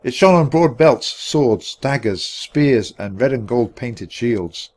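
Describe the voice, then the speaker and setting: A man reading a children's chapter book aloud for English learners in a clear, expressive way. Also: mid-range voice, a little slow. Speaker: storybook reader.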